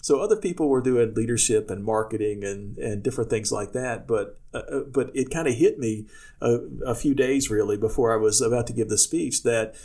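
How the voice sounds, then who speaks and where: Husky-voiced male public speaking coach. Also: mid-range voice, brisk, warm tone. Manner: tells personal anecdotes, acting out quoted speech; loose, many restarts. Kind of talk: casual podcast talk.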